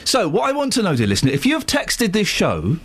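Animated radio host on a rant. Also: male voice, high voice, fast talker, husky. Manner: animated, acts out both sides of arguments. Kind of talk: ranting anecdote on live radio. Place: radio studio.

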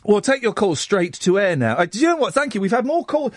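Chatty radio host, lively voice. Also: male voice, high voice, fast, dry recording. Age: 40s. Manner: chatty, self-mocking, lively banter with the studio team. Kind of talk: late-night radio phone-in chat.

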